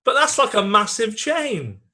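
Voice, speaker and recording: A man's voice: high-pitched, big pitch swings, a little slow, sharp tone. A young man co-hosting a comedy podcast, bantering playfully and laughing along. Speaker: podcast co-host. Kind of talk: casual comedic chat.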